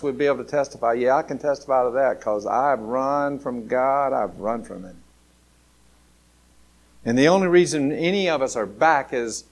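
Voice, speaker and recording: A man from Alabama with a Southern American accent, preaching a sermon. He talks conversationally and repeats his key phrases for emphasis. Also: medium pitch. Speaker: pastor.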